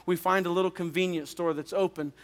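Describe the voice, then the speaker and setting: A man, a pastor, preaching a revival sermon as an earnest personal testimony, often halting and repeating words. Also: high-pitched, steady tone. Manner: earnest storytelling with halting restarts. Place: chapel. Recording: long reverb of a chapel.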